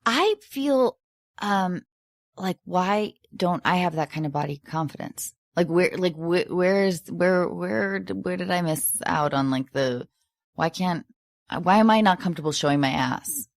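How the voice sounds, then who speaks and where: A woman's voice: lowish voice, measured pace, dry recording, studio quality. A woman hosting a podcast in a casual chat, rambling with restarts and swearing freely. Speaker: podcast host.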